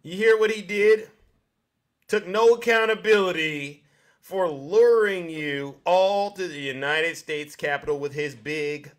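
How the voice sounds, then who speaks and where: A man with a notably high-pitched voice hosts his show, delivering a scornful monologue. He keeps firing rhetorical questions straight at his listeners. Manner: mocking, rhetorical questions to the audience. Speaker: show host.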